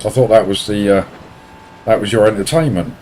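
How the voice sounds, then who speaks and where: A man's voice: fairly low pitch, brisk, a little mellow, rough recording. A man with a Portsmouth accent chatting casually with his viewers while racing, joking dryly and bantering. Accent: Portsmouth English. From Portsmouth, England. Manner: dry, joking banter with chat. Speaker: sim racing streamer. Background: faint car engine noise.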